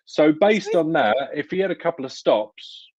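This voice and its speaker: A man co-hosting a football watchalong, chatting casually and quickly with playful asides. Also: fairly high pitch, very animated, darkish tone, no echo, dull audio. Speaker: watchalong co-host. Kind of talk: casual chat over a live match.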